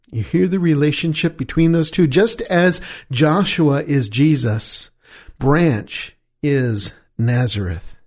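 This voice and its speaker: A middle-aged man preaching a sermon, asking rhetorical questions and slowing down on the key phrases. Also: on the high side, darkish tone.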